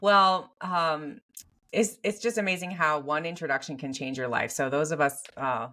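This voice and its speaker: A woman's voice: sits low, normal speed, fairly bright tone. A woman hosting an interview podcast, eager and full of affirmations as she asks her questions. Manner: enthusiastic, frequent affirmations. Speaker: podcast host. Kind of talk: casual interview talk.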